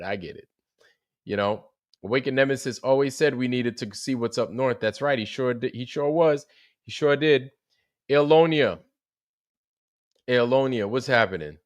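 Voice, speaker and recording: A man of middle pitch talks loosely to his livestream chat, swearing freely and laughing between stories. He greets viewers by name as he goes. His voice sits close and dry on the mic, with no room sound. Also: moderate pace, pauses often, a bit bright, no room sound. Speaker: livestream host. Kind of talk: casual livestream recap chat.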